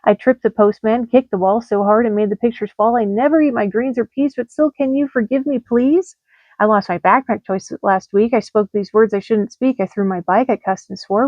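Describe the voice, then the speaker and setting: A woman reading rhyming holiday letters aloud in a lively sing-song delivery. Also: mid-range voice, dry recording, dull audio. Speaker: storyteller.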